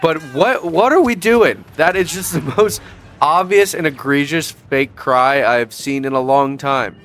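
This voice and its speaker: A man's voice: on the high side, a little slow, a bit bright, soft background music. Sarcastic young man ranting. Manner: sarcastic, profane, mocking. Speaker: YouTube commentator. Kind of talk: ranting commentary vlog.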